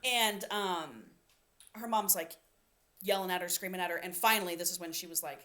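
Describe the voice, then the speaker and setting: Woman co-host with a bright, forward voice; lively, irreverent storyteller who swears casually. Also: on the low side, moderate pace. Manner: animated storyteller, acts out quotes, swears casually. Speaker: podcast co-host. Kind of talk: casual chat retelling a novel's plot.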